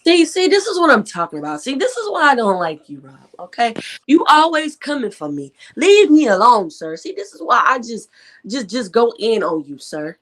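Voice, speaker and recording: A woman's voice: fairly high pitch, sing-song, normal speed, a bit bright. A woman on a live stream panel in casual chat, teasing and roasting another caller in a sassy way.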